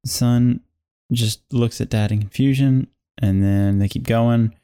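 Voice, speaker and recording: Laid-back man co-writing a sketch, thinking aloud, mid-pitched. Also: unhurried, smooth. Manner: relaxed, thinks aloud with fillers. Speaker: sketch co-writer. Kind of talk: casual script workshop chat.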